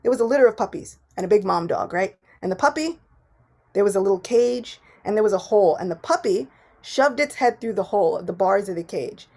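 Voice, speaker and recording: A woman giving a devotional morning class, telling personal stories with animated swings between soft and loud. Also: mid-range voice, fairly quick. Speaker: class speaker.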